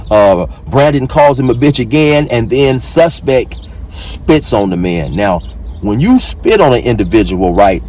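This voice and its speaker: A man's voice: mid-range voice, mellow, a little hiss or hum. A man hosting his own channel, recapping and mocking a clip in blunt, profane casual commentary.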